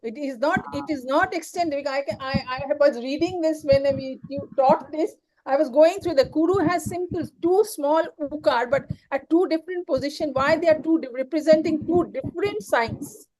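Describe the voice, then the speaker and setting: A woman's voice: sits high, normal speed, few pauses, a little mellow, rough recording. A woman, a student on a video call, pressing her teacher with persistent questions.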